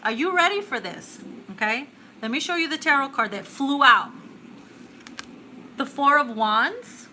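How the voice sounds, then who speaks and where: A woman in her thirties reads tarot live with a bright, forceful edge to her voice. Her pitch sits a little high, and her delivery is excitable and casual. She swears freely and calls listeners "boo" and "babe.". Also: a little slow, slight background noise, poor audio. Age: 30s. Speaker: tarot reader.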